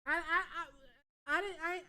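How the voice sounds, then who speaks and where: A young woman hosting a live stream, chatting casually with her viewers and breaking into excited shrieks and giggles. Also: very high voice, normal speed. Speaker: livestream host.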